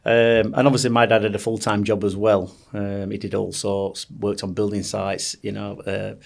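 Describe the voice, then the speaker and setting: A man's voice: lowish voice, level tone, moderate pace, gravelly. A man, telling rambling stories as a podcast guest with many restarts. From Sheffield, England. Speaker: boxing coach, guest. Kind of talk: casual storytelling interview.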